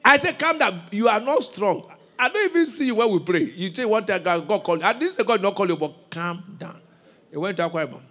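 A man with a Nigerian accent preaching a sermon in a church, with call-and-response questions, shouted bursts and laughing asides. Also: high voice, lively intonation, quick pace. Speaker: pastor.

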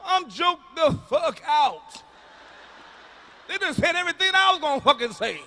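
Male stand-up comic, high and bright, profane and emphatic, live venue recording with faint noise. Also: very animated, normal speed. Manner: profane, emphatic, shouting punchlines. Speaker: stand-up comedian. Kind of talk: stand-up comedy routine. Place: large concert venue.

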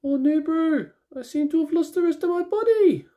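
Korg, squeaky high rock creature. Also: male voice, expressive, moderate pace, warm tone. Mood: whiny dismay. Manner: high squeaky falsetto, whiny. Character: gentle bumbling male rock creature. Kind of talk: toy review voice bit. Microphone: phone camera.

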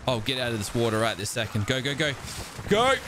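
A young man hosting a gaming channel, giving excitable live gameplay commentary and talking straight to his viewers. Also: mid-range voice, brisk, noisy background. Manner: excitable, exclaims often, talks to viewers.

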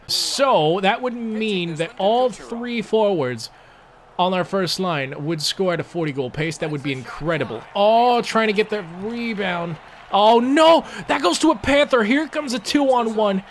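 A young man casually commentating his own gameplay, swearing a lot and jumping from low mutters to loud outbursts. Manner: excitable, swears often, swings from mumbling to yelling. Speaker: gaming commentator.

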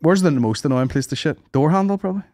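Animated, sweary man. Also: a little high, fast, no echo, studio quality. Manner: sweary, animated storytelling with put-on voices. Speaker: podcast co-host. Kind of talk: casual banter.

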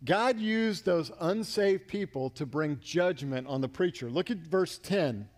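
A man's voice: fairly high pitch, animated, unhurried. Man preaching with dramatic swings. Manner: dramatic swings from loud to hushed, acting out quotes. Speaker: pastor. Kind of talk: sermon.

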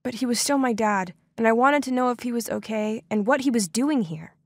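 A woman's voice: fairly high pitch, fairly quick, no echo, clean studio sound. A young woman narrating a dramatic first-person story with lots of exclamations.

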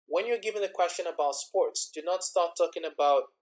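A teacher walks students through an IELTS speaking lesson set to slides. The delivery is steady and deliberate, with example words and phrases listed one at a time so each one lands. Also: medium pitch, low-quality recording. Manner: slow, deliberate, repeating example words in lists. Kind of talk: recorded exam-prep lesson over slides.

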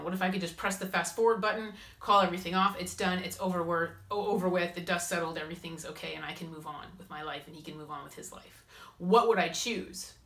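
A woman hosting a spiritual advice talk, speaking in a lively way and acting out inner voices and quotes. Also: on the low side. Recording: roomy echo.

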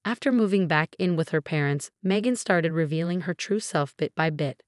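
A woman narrating a first-person story in an even, matter-of-fact way. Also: low-pitched, moderate pace, hardly any pauses, no room sound, clean studio sound.

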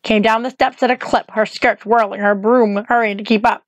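A woman reading a novel aloud in a measured, expressive narration. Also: fairly high pitch, no echo, poor audio. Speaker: reader. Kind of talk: audiobook-style novel reading.

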